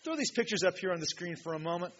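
A male pastor preaching a sermon in a church, emphatic, swinging from loud, ringing peaks to quiet asides. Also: high-pitched, lively intonation, fast talker. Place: church hall with a projection screen. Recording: dull lo-fi sound with faint hiss.

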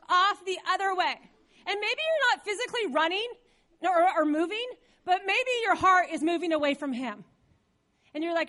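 Animated, high-voiced woman preaching. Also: moderate pace. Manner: dramatic and animated, acting out quoted voices. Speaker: pastor. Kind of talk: sermon. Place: church.

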